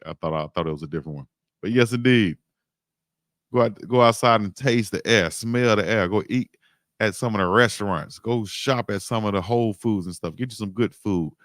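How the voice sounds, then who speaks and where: A man from South Georgia, hosting a casual livestream and chatting loosely with shout-outs. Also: fairly low pitch, no room sound, studio quality. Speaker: livestream host.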